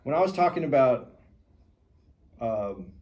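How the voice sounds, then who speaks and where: A man co-hosting a podcast, speaking in a measured, reasoning way in casual discussion. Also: medium pitch, sing-song, a little mellow. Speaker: podcast co-host.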